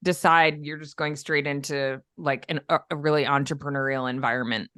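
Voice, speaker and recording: A woman co-hosting a podcast in casual chat, with an upstate New York accent, talkative and quick to laugh. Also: low voice, steady tone, fairly bright tone, no echo, studio quality. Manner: chatty, laughs often, uses "like" a lot. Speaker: podcast co-host.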